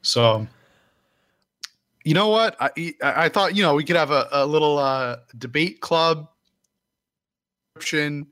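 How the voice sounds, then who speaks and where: A man co-hosting a podcast, talking in a halting way with restarts, casual banter. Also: a little high, expressive, fairly bright tone, no echo, studio quality. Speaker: podcast co-host.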